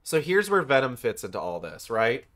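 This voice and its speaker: A young man chats through a game stream, rambling and swearing as he retells a story with lots of energy. His voice is mid-pitched and close to a desk mic. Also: moderate pace. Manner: rambling, profane, animated retelling. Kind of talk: casual game stream commentary.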